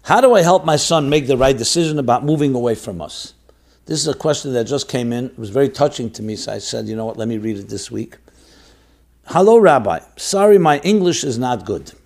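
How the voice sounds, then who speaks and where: A man's voice: medium pitch, fast talker, gravelly, a little mellow. A man, a rabbi hosting a question-and-answer show, answering a listener's question with earnest, emphatic religious guidance and sprinkling in Hebrew and Yiddish terms. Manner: earnest and emphatic, repeating key phrases.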